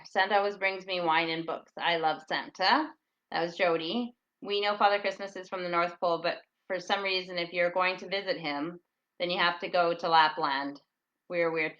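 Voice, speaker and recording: A middle-aged woman hosting a casual, rambling chat show, who talks loudly and reads out listener comments as she goes. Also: lowish voice, reverberant, muffled recording. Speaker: podcast host. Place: at home in England.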